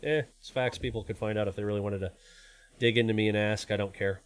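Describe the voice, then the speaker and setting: A man's voice: on the low side, fairly even intonation, fast, smooth, no room sound. A man in his forties, born in Canada and raised in the US, hosting a live stream in a rambling, self-deprecating, casual way. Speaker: stream host.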